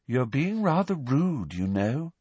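A man reading aloud, voicing a dreamy, detached teenage girl who speaks serenely and slowly. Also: mid-range voice, sing-song, dark tone, husky, dry recording, voice pushed up, heavily acted.

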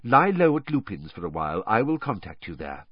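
A man voicing a wise, commanding old male headmaster in a storybook reading, measured and authoritative, on a dull lo-fi recording. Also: on the low side, very animated, husky, dry recording. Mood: grave.

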